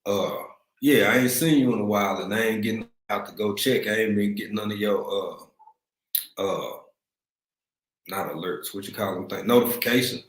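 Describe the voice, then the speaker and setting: A man's voice: lowish voice, normal speed, roomy sound, rough recording. A man from East Texas with a Texan accent, hosting a casual livestream chat, laid-back and slangy, greeting viewers by name. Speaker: livestream host. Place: room at home, in Africa.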